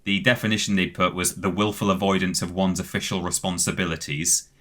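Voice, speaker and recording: A man's voice: low-pitched, flat delivery, a little fast, a bit bright, a little hiss or hum. A British man co-hosting a podcast, casually reading out facts at length with many "um"s and words spelled letter by letter. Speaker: podcast co-host.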